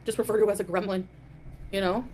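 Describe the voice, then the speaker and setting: A woman's voice: medium pitch, steady tone, quick pace, a little mellow, slight background noise. A woman hosting a live stream, ranting in a defiant, dismissive way and greeting chat viewers. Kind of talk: casual live stream rant.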